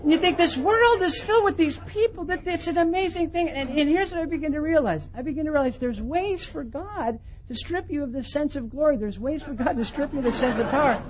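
A man who is a pastor, telling a story in a sermon to a conference with animated delivery, swinging between quiet and loud. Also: very high voice, brisk, few pauses, lo-fi sound, slight background noise. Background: audience laughter.

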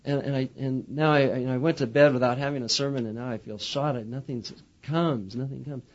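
Man doing a despairing old-time preacher, glum, halting, muffled lo-fi sound. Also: medium pitch, fairly even intonation, natural voice. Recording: muffled lo-fi recording.

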